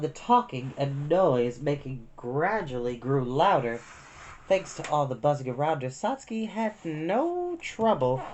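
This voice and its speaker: A woman reading a novel aloud with expressive storytelling. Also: extremely low pitch, a little hiss or hum.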